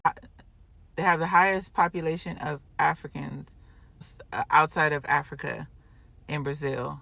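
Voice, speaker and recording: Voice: medium pitch, little pitch movement, a little slow, gravelly, pushed and bright. A speaker giving casual, earnest, reflective commentary, with small restarts and hesitations.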